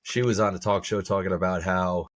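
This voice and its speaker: Low-voiced man chatting with laughs. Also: steady tone, brisk. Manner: laughs often, stammers and restarts. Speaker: podcast co-host. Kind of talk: casual chat.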